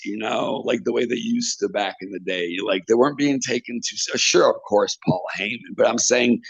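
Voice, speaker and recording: A man's voice: mid-range voice, normal speed, vocal fry, husky, no echo. A man in an interview, a wrestling manager and trainer, telling stories with animation and acting out other people's lines. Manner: animated, acts out quotes in others' voices. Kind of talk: interview storytelling. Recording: dull lo-fi recording.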